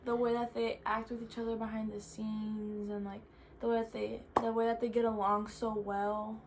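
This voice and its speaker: A fairly high-pitched young woman chats loosely through viewer questions, dropping "like" into nearly every sentence. A faint hum of room noise sits behind her. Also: little pitch movement, moderate pace. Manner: chatty, filler-heavy with frequent "like". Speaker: vlogger answering viewer questions. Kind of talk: casual chat.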